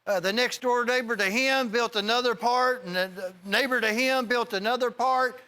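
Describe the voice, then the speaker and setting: A middle-aged man hosting a TV shopping show, giving a folksy, rambling sales pitch straight to viewers. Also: pushed and bright, smooth. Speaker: TV shopping host.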